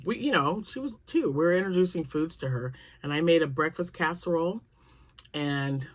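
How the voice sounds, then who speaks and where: A middle-aged woman chatting casually to her viewers in a crochet vlog, rambling from topic to topic with asides and little laughs. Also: low-pitched. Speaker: crochet vlogger. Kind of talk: casual chat to camera.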